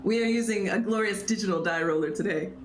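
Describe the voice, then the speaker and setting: A woman's voice: medium pitch, quick pace, faint music behind. Giggly woman game master, echoey room. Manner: giggly, stumbling, restarting. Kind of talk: narrating a tabletop game.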